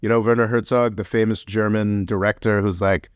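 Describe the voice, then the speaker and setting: Man, podcast co-host, animated, heated, dry close mic. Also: on the low side, a little fast, clean tone, no echo. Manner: animated, heated, mocking voices in quotes. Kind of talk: casual political chat.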